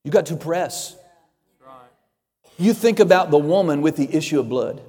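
A man preaching a sermon with fervor, building to shouts and acting out voices of Bible figures. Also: a little high, lively intonation, normal speed, breathy edge, big-room sound.

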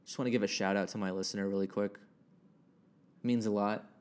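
A man's voice: on the low side, fairly even intonation, normal speed, darkish tone. A young man hosting a casual solo podcast from his house, rambling and joking at himself with casual swearing into a home microwave-close podcast mic. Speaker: podcast host. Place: house alone with his dog. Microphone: home podcast mic, gain turned up.

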